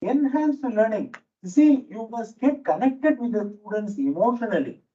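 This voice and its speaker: A man's voice: very high voice, expressive, moderate pace, mellow. A man with an Indian English accent, lecturing teachers as a management teacher, telling stories and repeating key phrases for emphasis. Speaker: management teacher giving a faculty talk. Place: lecture hall with a noisy fan. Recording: dull, distant hall recording.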